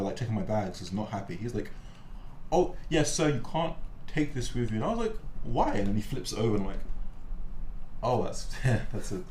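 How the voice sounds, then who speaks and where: A young man hosting, casually telling stories and acting out the people in them. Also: medium pitch. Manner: animated storyteller, acts out voices. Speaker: host. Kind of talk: casual chat. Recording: echoey room, faint background noise.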